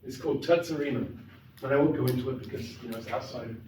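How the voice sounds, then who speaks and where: A man's voice: mid-range voice, quick pace, dark tone. A middle-aged man giving a conversational, emphatic classroom lecture on poetry. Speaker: literature lecturer. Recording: echoey classroom, mic far off, faint noise.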